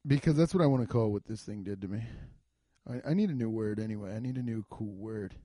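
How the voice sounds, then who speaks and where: A young man hosting a casual solo podcast, rambling and swearing, swinging from muttering to loud outbursts. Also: fairly low pitch, fast talker, no room sound. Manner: loose, profane, rambling with frequent swearing; animated, jumps between muttering and loud outbursts. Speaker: podcast host. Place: home garage.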